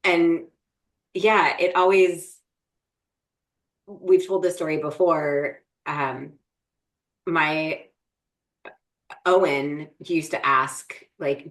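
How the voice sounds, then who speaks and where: A woman's voice: deep voice, steady tone, very slow, long pauses, fairly bright tone, poor audio. A woman co-hosting a podcast, chatting casually with lots of fillers and restarts. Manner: rambling, many fillers and restarts. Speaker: podcast co-host. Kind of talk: casual chat.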